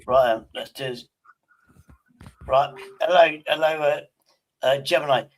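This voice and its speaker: A man's voice: fairly high pitch, a little slow, poor audio. A man hosting a stream, hesitant and teasing, often stopping to restart his sentences. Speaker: streamer host. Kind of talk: casual stream banter.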